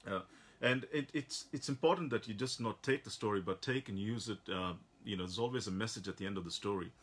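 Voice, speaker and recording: Male radio host, rambling storyteller, bright and husky. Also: fairly low pitch, a little fast. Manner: rambling with many restarts.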